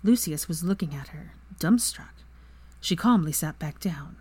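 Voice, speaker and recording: A woman reading fan fiction aloud as narrator in a steady, even manner. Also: sits low, measured pace, slightly rough, no room sound. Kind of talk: story narration.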